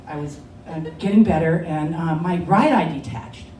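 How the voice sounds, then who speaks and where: A woman's voice: deep voice, moderate pace, warm tone. Woman telling a story on stage, echoey. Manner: conversational, laughing through the telling. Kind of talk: live story slam storytelling. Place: bar lounge stage. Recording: echoey lounge, distant mic, background noise.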